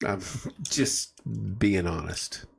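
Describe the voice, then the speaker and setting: A man's voice: low voice, animated, drawn-out words, gravelly, soft background music. A man hosting a casual home livestream, rambling through stories and greeting viewers by name. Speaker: livestream host. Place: home room at night.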